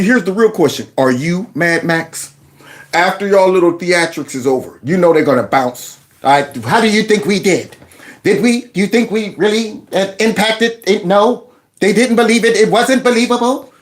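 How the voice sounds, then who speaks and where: Guy doing reaction commentary, high voice swinging all over, cracking up and talking trash. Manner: mocking, laughing often, trash-talking. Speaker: commentary host.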